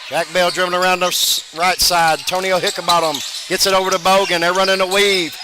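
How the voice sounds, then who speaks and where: A man doing brisk play-by-play commentary of a basketball game, his voice jumping up loud on big plays. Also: high-pitched, little pitch movement. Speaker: play-by-play announcer. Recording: broadcast over loud gym noise.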